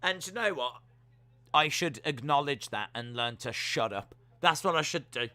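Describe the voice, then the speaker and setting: Lively man reacting to wrestling. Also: a little high, normal speed. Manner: excitable, jokey, lets out sudden loud yells. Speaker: wrestling watch-along streamer. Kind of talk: live reaction commentary.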